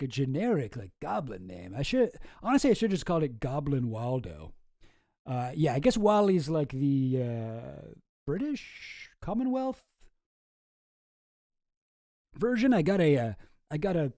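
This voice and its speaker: A man's voice: medium pitch, warm tone, no echo, studio quality. A man chatting casually on a livestream in a rambling, offhand way that often trails off. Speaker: streamer and video creator.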